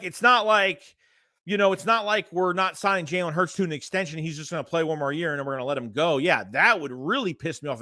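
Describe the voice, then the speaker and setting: A man's voice: high voice, pushed and bright, no echo, studio quality. A man hosting a casual sports livestream, ranting bluntly with profanity and repeating himself while reading chat messages. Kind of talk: casual fan rant reading live chat.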